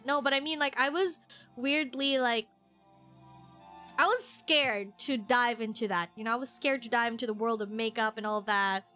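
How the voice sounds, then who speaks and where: Young woman streamer, somewhat high and very bright, rambling chat that keeps restarting, self-deprecating with frequent giggles. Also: moderate pace, faint music behind. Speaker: VTuber streamer. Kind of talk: casual chat while streaming a game.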